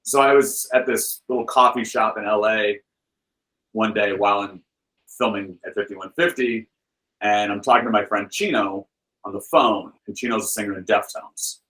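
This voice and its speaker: Man telling a lively anecdote casually. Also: fairly low pitch, moderate pace, poor audio. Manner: lively anecdote-teller with loose filler words; acts out the people he quotes with shifted voices. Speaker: podcast guest, film director and author. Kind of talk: casual storytelling.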